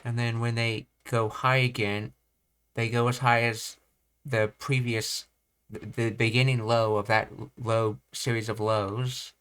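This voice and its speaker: A young man reading and commenting on language study material, thinking aloud with halting restarts. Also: medium pitch, flat delivery, fairly bright tone, clean tone. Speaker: language teacher.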